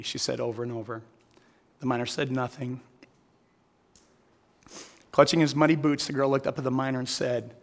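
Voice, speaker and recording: A man's voice: mid-range voice, fairly even intonation, moderate pace, gravelly. A man preaching a sermon to a live audience, telling a story and then asking the audience earnest direct questions. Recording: long hall reverb.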